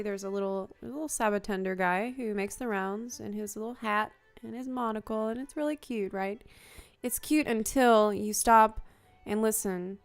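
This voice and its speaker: A woman streamer giving unscripted, wry and playful commentary while touring a game world, cracking deadpan jokes. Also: medium pitch, gravelly.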